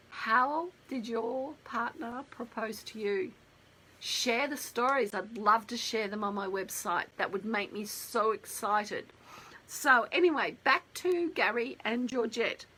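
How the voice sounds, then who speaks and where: A woman's voice: on the high side, sharp tone, husky, low-quality recording. A middle-aged Australian woman, a wedding planner telling stories in a chatty, rambling live stream and talking straight to her viewers. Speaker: wedding planner and textile artist. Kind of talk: casual live-stream storytelling.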